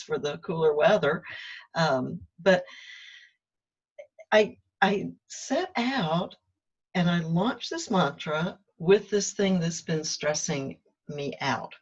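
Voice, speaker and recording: A woman with a lowish, slightly rough voice hosts a spiritual self-help talk, speaking candidly in a casual, reflective monologue. She jokes at her own expense and acts out her inner dialogue, and the recording is muffled and lo-fi.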